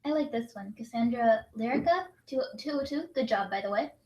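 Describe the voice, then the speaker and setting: Bubbly young woman host, slightly high voice, quick laugh, roomy echoey sound. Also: dark tone, highs cut off. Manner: bubbly, quick to laugh, reads prompts aloud. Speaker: write-in co-host. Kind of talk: casual livestream chat. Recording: roomy echo.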